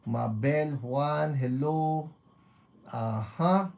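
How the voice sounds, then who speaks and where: A woman's voice: deep voice, extremely slow, gravelly, darkish tone, muffled recording. A woman with a Filipino accent hosting an online church program. She reads out viewers' greetings in a chatty, playful way, mixing English and Tagalog and trying out foreign greetings. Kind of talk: reading out viewer greetings, Taglish chat.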